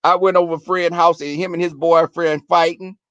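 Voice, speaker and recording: A man briskly rants to viewers with crude stories, animated and profane, taking on a shrill voice to act out quarrels. The tone is clean and the recording dry, though the highs are cut off.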